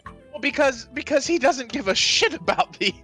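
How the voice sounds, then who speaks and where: A man's voice: very high voice, expressive, normal speed, pushed and bright, faint music behind. A man co-hosting a podcast, retelling film scenes in casual chat and often laughing. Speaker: podcast co-host.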